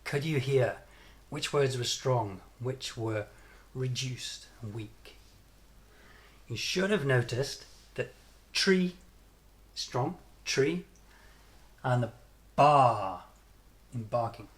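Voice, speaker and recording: A man with a British accent teaching English pronunciation, modelling sounds and stress patterns by repeating them deliberately. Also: medium pitch. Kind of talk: pronunciation lesson.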